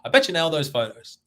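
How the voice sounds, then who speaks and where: Young Aussie guy, mid-pitched, quick and sweary, casual podcast guest. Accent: Australian. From Australia. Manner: fast-talking, swears a lot. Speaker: guest, CrossFit athlete.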